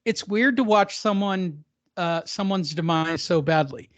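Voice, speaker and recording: A man's voice: sits high, measured pace, no room sound. A man hosting a boxing podcast, joking around and swearing in casual chat. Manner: joking, self-mocking, crude. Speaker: podcast host.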